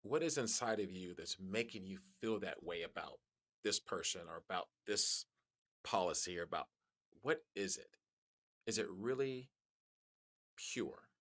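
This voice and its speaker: A man guest on a podcast, telling stories in casual conversation, animated and laughing as he talks, often restarting his sentences. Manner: animated storyteller, jumps high in pitch on quoted lines; frequent restarts and laughs while talking.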